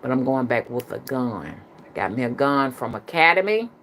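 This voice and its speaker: Low-voiced Southern woman telling stories. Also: very animated, normal speed, fairly bright tone, slight background noise. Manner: colloquial, chatty, addresses the audience as "y'all". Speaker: spiritual reader and rootworker. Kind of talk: casual storytelling to viewers.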